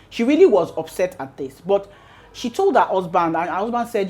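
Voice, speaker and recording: A woman's voice: mid-range voice, animated, normal speed, warm tone. A woman hosting a storytelling show, narrating a family drama in a casual, conversational way. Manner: conversational, acts out quotes. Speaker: storyteller host.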